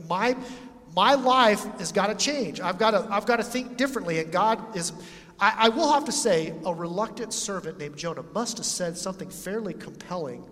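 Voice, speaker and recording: Man, pastor, high-pitched, conversational sermon, long reverb. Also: fairly bright tone. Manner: conversational preaching with acted-out quotes.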